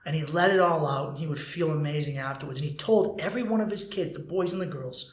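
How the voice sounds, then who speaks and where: A man in his thirties hosting a podcast, talking in a blunt, animated, casual way and swearing freely. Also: on the high side, fast, few pauses. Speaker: podcast host. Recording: roomy echo.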